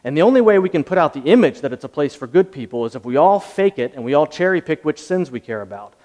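A man preaching a sermon, earnest, moving from hushed lines to emphatic ones. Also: on the high side, sing-song, fast talker, in a large hall. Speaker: pastor. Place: church hall.

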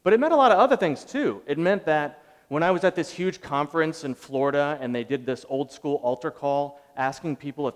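A man in his thirties preaching a sermon, telling a personal story in a conversational way with joking asides. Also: mid-range voice. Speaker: pastor. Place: large hall with audience. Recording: roomy echoey hall, mic far off.

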